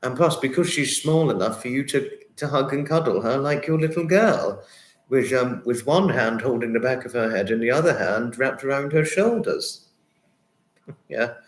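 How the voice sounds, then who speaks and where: A man hosting a livestream, chatting warmly with viewers and reading their comments, effusive and sympathetic, often repeating himself. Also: mid-range voice, animated, moderate pace. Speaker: livestream host. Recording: roomy echo.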